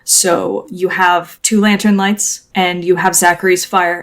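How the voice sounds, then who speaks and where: A woman's voice: fairly low pitch, steady tone, slow. A woman narrating a tabletop game as game master, setting scenes vividly with lots of casual fillers.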